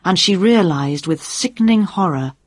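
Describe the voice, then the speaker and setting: A woman reading a story aloud as narrator, in a measured storytelling manner. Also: fairly low pitch, animated, breathy edge, dry recording, clean studio sound. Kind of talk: audiobook narration.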